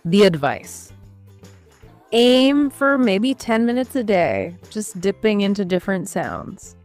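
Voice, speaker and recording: A woman co-hosts a scripted educational podcast, guiding listeners through study steps one by one in an upbeat, chatty way. Her medium-pitched voice is very animated yet slow and a little mellow, with soft music in the background.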